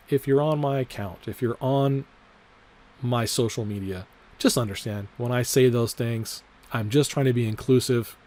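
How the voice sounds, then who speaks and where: A man's voice: mid-range voice, darkish tone. Rambling, profane male vlogger. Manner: rambling and profane, heavy on filler words; repeats his disclaimers over and over. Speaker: trading vlogger. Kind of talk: casual trading vlog commentary.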